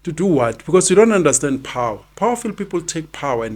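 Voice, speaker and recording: Host, South African man in his fifties, emphatic and blunt, voice on the high side. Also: very animated, quick pace, few pauses, darkish tone. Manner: emphatic, repeats his points for effect. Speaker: podcast host. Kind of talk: opinionated podcast commentary.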